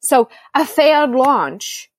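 A middle-aged woman talking through a casual interview in a slightly high voice. She tells her stories with energy and acts out her own reactions. The sound is close and dry. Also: sing-song, slow pace, no room sound. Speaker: podcast guest, business coach. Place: home in Costa Rica during rainy season.

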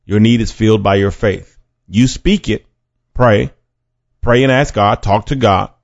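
Gravelly-voiced man preaching a podcast sermon. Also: on the low side, measured pace, no echo. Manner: earnest, conversational preaching with restarts. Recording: dry, dull lo-fi sound.

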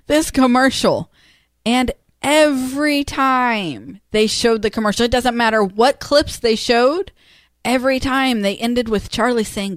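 A woman co-hosting a podcast, speaking casually and hesitantly with frequent pauses. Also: on the high side, no echo, clean studio sound. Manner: hesitant with frequent ums, laughs easily. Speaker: podcast co-host. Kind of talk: casual conversational chat.

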